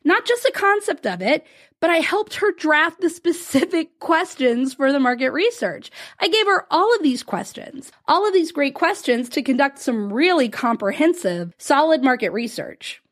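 A woman hosts a solo business podcast in a high, bright voice. Her pitch swings widely as she tells a client story. She laughs often and acts out what others said. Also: lively intonation, moderate pace. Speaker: podcast host and business coach.

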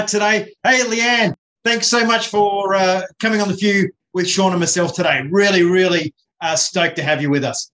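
A man's voice: sits high, bright, forceful tone, rough recording. An Australian man hosting a podcast in an upbeat, chatty way, with fillers. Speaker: podcast host. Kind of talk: casual interview chat.

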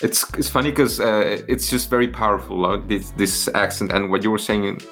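A man's voice: on the low side, moderate pace, over loud music. A man hosting a radio show, a native Spanish speaker chatting in English with many fillers and restarts. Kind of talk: casual interview chat. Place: in Germany, remote call.

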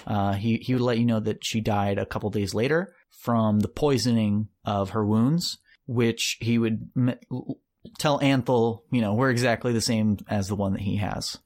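A man narrating as game master, halting and restarting often as he lays out the options. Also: fairly low pitch, steady tone, darkish tone. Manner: halting, many restarts and fillers.

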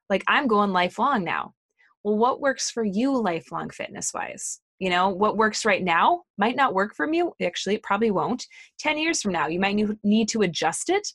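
A woman in her thirties talks like a fitness trainer coaching her listeners. Her delivery is casual and motivational, loose and chatty, with plenty of fillers and side remarks. Her voice sits at an everyday pitch, recorded close and dry with no room sound. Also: fairly bright tone, no room sound. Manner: chatty, lots of fillers and asides.

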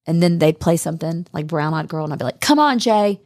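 A woman's voice: sits low, completely flat delivery, fast talker, mellow, dry recording, studio quality. A woman chatting casually on a podcast, reminiscing about a friend with many fillers and restarts.

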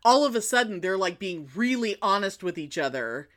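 A woman retelling a film in casual chat, animated and rambling, often restarting her sentences. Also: medium pitch, moderate pace.

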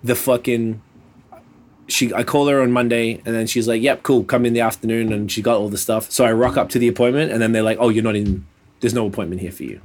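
A man in pain telling a rambling, sweary story in casual chat over a call, sounding a little flat. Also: medium pitch, fast. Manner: laid-back, swears often, rambling. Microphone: video call.

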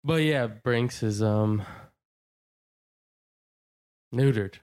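A podcast co-host chatting in a relaxed, hesitant way with many ums. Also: mid-range voice, slow pace, no echo. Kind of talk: casual chat.

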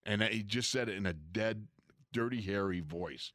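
Brief: ex-player co-host, lower-pitched man, animated raconteur, dry close mic. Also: moderate pace, no room sound. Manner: animated storyteller, acts out quoted coaches and players. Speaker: former pro football player, co-host. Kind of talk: casual storytelling chat.

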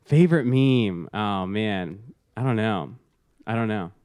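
A man's voice: on the low side, expressive, a little slow, a little mellow, clear, resonant tone, no room sound. A man co-hosting a podcast in casual chat, who rambles, laughs often and loses his words mid-sentence. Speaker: podcast co-host. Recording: dry close mic.

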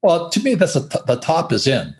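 Profane, husky older man telling stories. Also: on the high side, brisk. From Hawaii. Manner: profane, animated storytelling, laughs while talking. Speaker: guest. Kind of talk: blunt casual interview talk.

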